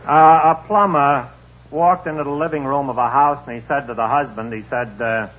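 A man's voice: mid-range voice, fairly even intonation, normal speed, a little hiss or hum. A man on a radio comedy panel telling a short joke in a dry, laconic way. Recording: dull old radio recording.

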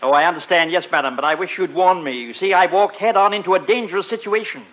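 A man's voice: sits high, fast talker, a bit bright. A man playing a polite, dry-witted English butler in a 1940s radio comedy, recorded on a muffled old broadcast with hiss.

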